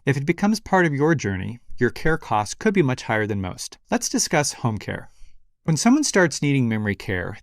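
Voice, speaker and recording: A man's voice: mid-range voice, dry recording, clean studio sound. A man hosting a scripted explainer show, talking in an upbeat, conversational way. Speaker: host.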